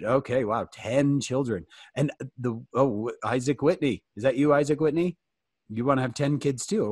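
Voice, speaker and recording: Lively joking man telling family stories. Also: medium pitch, dry recording, clean studio sound. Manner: animated, jokey, calls on listeners by name. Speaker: youth fireside speaker. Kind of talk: humorous storytelling talk to teens. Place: at home.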